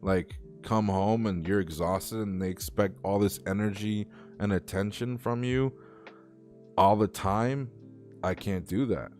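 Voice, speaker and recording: A man's voice: on the low side, steady tone, unhurried, darkish tone, faint music behind. A young man hosting a casual livestream talk show, talking in a heartfelt, rambling way and swearing freely.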